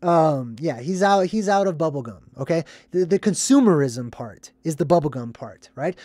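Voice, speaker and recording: A casual vlogger explains a movie in a loose, rambling way and keeps asking "right?". The voice sits at a middle pitch. The recording is dry and close, with almost no room sound. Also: normal speed, few pauses, no echo. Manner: animated, rambling, acts out scenes in put-on voices. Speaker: movie commentary host. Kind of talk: casual movie breakdown commentary.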